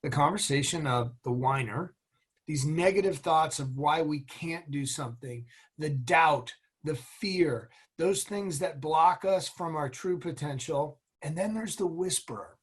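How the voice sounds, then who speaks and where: A man's voice: on the high side, unhurried, breathy edge. A middle-aged man, a guest in an interview, speaking in an earnest, motivational way as he tells stories about leadership. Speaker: guest, former military officer and executive. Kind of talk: interview conversation.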